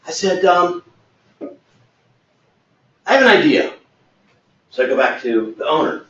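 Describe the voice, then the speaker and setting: A man's voice: fairly high pitch, very animated, a little slow, long pauses, a bit bright, slight background noise. A man as a sales trainer, telling a workplace anecdote in a training webinar and acting out the quoted dialogue. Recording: echoey, distant, muffled.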